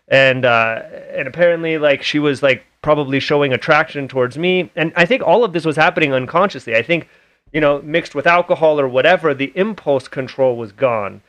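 A man's voice: on the high side, fairly bright tone. A man hosting a podcast, telling a personal story candidly and swearing freely in casual conversation. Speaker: podcast host.

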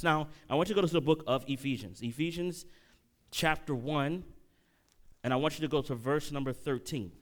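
Animated male preacher calling out to listeners. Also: fairly high pitch. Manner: animated preaching, audience call-outs, emotional storytelling. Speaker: pastor. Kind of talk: sermon.

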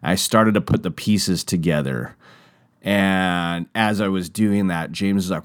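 Speaking at a measured pace, this man rambles through a personal anecdote, acting out other people's lines in high, raised voices with plenty of animation. Frequent restarts and filler words pepper his delivery. The recording is clean studio sound without echo.

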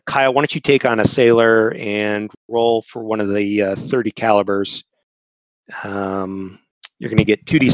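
Guy running a tabletop game, lowish voice, stops and restarts a lot, dry close mic. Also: no room sound, low-quality recording. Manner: halting, many fillers and restarts while describing. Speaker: game master.

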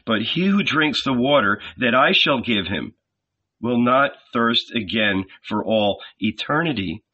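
A man reading an audiobook, voicing a calm, patient teacher figure. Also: medium pitch, a little slow, husky, lo-fi sound, full character voice. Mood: solemn. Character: calm gentle male teacher, patient and solemn.

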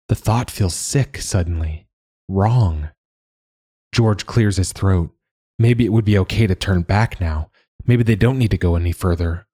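A man narrating a novel as an audiobook in a measured, even storytelling manner. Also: low-pitched, breathy edge, no echo, studio quality.

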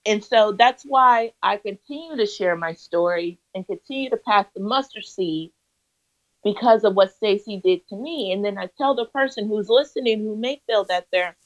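A woman's voice: medium pitch, normal speed. Woman guest, earnest and emphatic, kinda preachy rhythm, slightly dull lo-fi sound. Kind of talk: interview storytelling.

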